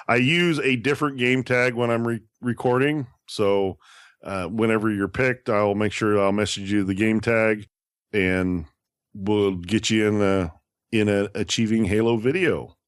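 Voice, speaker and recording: A man's voice: lowish voice, steady tone, moderate pace, smooth, no room sound, clean studio sound. A man co-hosting a gaming podcast, talking casually and restarting his sentences often. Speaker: podcast co-host.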